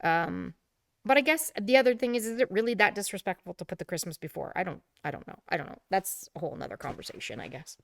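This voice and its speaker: A woman's voice: medium pitch, expressive, fast talker, gravelly, no echo, studio quality. A middle-aged woman co-hosting a podcast in casual chat, chatty and laughing often, trailing off. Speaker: podcast co-host.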